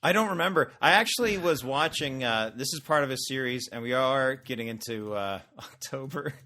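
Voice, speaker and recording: A man's voice: medium pitch, normal speed, sharp tone. A man co-hosting a podcast in casual chat, joking and rambling. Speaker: podcast co-host. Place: Vancouver.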